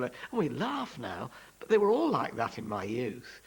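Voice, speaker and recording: A man's voice: medium pitch, huge pitch swings, moderate pace, gravelly, hardly any pauses, breathy edge, low-quality recording. An older man reminiscing in an amused way. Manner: amused, mimicking. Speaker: interviewee. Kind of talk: reminiscing chat.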